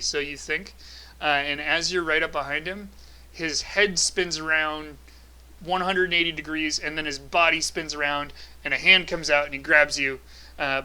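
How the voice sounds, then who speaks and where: Bright-voiced male game master. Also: fairly high pitch, clean tone, rough recording. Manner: relaxed, many filler sounds. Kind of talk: narrating a tabletop game.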